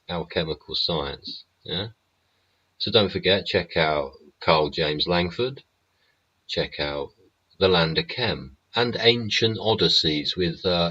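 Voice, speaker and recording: Very deep husky man, sweary. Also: sharp tone, lo-fi sound. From England. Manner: rambling, blunt and heavily sweary. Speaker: show host. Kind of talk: live-stream monologue.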